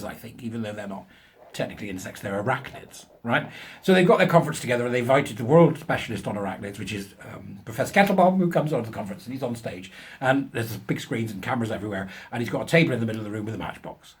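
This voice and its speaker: A man hosting a commentary show, ranting crudely and then telling a joke he laughs at himself. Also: medium pitch. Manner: crude, ranting, laughs at his own jokes. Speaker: host.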